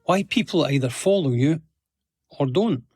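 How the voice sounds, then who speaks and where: Male podcast host, husky tone, dry close sound, reflective monologue. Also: fairly high pitch, lively intonation, a little mellow, no room sound, faint music behind. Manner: reflective, measured, explanatory.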